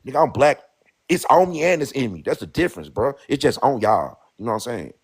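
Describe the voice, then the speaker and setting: A man's voice: medium pitch, sing-song, fast talker, husky. A man from St. Louis with a Black American St. Louis accent, arguing insistently and repeating himself in a heated casual debate. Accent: St. Louis African American English. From St. Louis, USA. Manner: insistent, repetitive, peppers lines with "bro".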